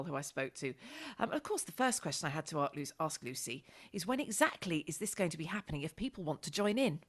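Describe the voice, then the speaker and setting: A woman presenting a live local radio show, interviewing guests in an encouraging, animated way. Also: deep voice.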